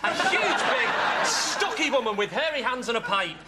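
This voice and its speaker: Camp, high-voiced comic man. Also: sing-song, normal speed. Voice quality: camp, theatrical delivery. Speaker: comic actor auditioning. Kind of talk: sketch comedy, camp storytelling. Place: television studio with live audience. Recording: loud audience laughter and noise.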